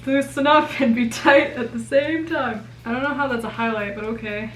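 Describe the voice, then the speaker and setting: A woman's voice: a little high, fairly even intonation, normal speed, fairly bright tone, a little hiss or hum. A young woman doing her makeup on camera, chatting in a playful, self-mocking way. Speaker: makeup vlogger. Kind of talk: casual chat. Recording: roomy echo, mic at a distance.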